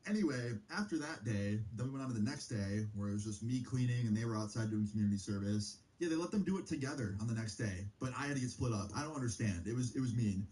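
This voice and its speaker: A young man streaming, telling a story in a loose, profane casual style full of fillers, his pitch jumping up on exclamations. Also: expressive, quick pace, hardly any pauses, dark tone, rough recording.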